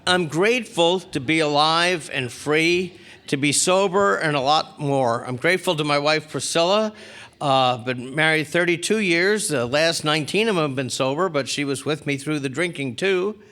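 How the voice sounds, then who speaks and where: A middle-aged man speaks at a recovery convention with a bright, forceful voice pitched a little high. He tells his story animatedly and slips into the voices of the people in it. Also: moderate pace. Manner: animated storyteller acting out quoted characters. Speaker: spiritual speaker. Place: large convention hall.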